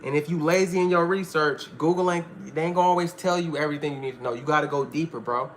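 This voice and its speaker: A man's voice: on the high side, fast, a little hiss or hum. A man teaching a Bible study in a preaching style, emphatic and full of street slang, often asking listeners if they follow. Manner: street slang, repeats "all right".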